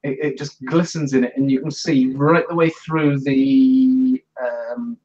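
A man's voice: mid-range voice, fairly even intonation, unhurried, a little mellow, highs cut off. A British man co-hosting a podcast, talking enthusiastically and stumbling over restarts. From United Kingdom. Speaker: podcast co-host. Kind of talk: casual chat.

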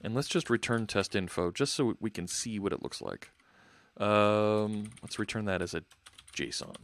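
A man's voice: on the low side, unhurried, fairly bright tone. A man hosting a live coding stream, thinking aloud as he works and chatting with viewers. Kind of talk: casual live coding narration.

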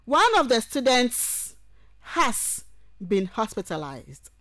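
A woman's voice: a little high, big pitch swings, bright, forceful tone, no echo. A woman university lecturer giving a radio lecture on grammar, going through examples one word at a time. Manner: slow, deliberate, lists examples one by one. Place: radio studio.

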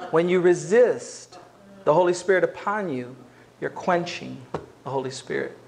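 A man's voice: sits high, animated, moderate pace. A man preaching a sermon as a pastor in a church, talking to the congregation in a conversational way. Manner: conversational, acts out quoted voices.

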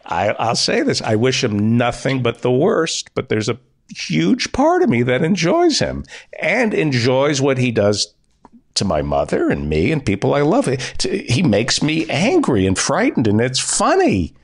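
Animated middle-aged man holding forth. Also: medium pitch, measured pace. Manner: lecturing, animated, wry. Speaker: podcast host. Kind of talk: comedy podcast chat.

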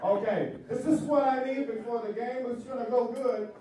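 A man's voice: very high-pitched, moderate pace, background noise. A man playing a hammy Cuban game-show host. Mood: playful. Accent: put-on Cuban. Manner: hammy, shouting to the room, mixing in Spanish. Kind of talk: comic party hosting. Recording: echoey hall from far off, faint crowd.

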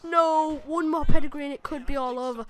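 High-pitched woman, let's-play gamer, excitable, swears and exclaims constantly. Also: brisk. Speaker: gaming channel host.

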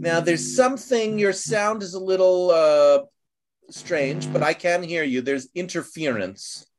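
An American man with a slightly high voice hosts an English class online and welcomes his students. He talks loosely, with fillers like um and uh and frequent restarts. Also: measured pace, music in the background. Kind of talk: casual online class chat.

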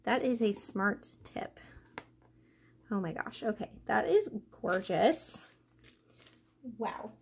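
A young woman chatting casually as she unboxes a craft package, gushing and excited, gasping often. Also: medium pitch, takes it slowly, vocal fry, pauses often, a little hiss or hum. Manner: gushing, excited, many gasps and "oh my gosh". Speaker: craft vlogger.

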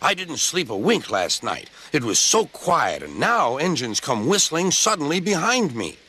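A man's voice: on the high side, wildly swooping pitch, a little slow, sharp tone, husky, pitched above the performer's own voice, heavily acted. A man voicing a stern, cross middle-aged policeman who speaks in a curt, huffy way. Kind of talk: storybook character voice.

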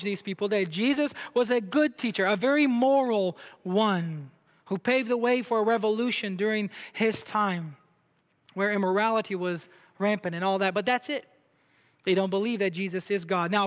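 Man, pastor, emphatic sermon, high pitch, long reverb. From Brazil. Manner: emphatic preaching, asks the crowd questions. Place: church sanctuary.

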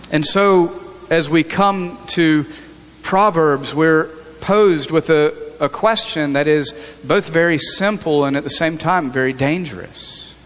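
A man preaches to his congregation in an earnest, conversational manner, stumbling and restarting as he thinks aloud. His voice sits a little high for a man. A long church-hall reverb trails every phrase. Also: a bit bright. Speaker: pastor. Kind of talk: sermon. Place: church sanctuary.

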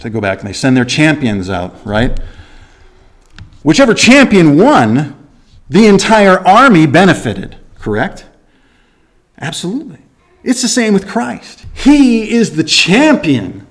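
A man teaches the Bible verse by verse to his church, animated and conversational, posing rhetorical questions to listeners and acting out little scenes. His voice is fairly high-pitched and a little slow.

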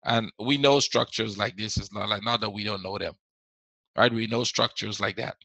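A man's voice: on the low side, steady tone, moderate pace, vocal fry, pushed and bright, no room sound, low-quality recording. A man teaching a live trading webinar, repeating his points and answering viewers as he goes. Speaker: forex trading instructor.

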